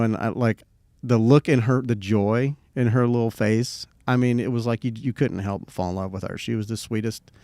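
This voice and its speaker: A man's voice: on the low side, darkish tone, smooth, no echo. Laid-back middle-aged man telling a story. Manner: laid-back, rambling, swears freely. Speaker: podcast co-host. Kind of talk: casual storytelling chat.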